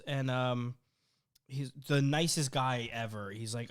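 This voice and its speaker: A young man, a podcast co-host telling animated stories in casual chat and acting out the people in them. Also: mid-range voice, moderate pace, clean tone. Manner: animated storyteller, acts out voices and laughs often.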